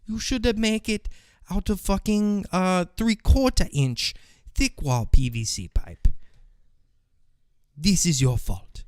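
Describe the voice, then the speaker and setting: A man's voice: on the high side, huge pitch swings, measured pace, no room sound, studio quality. A male show host giving casual, rambling, profane commentary on video clips.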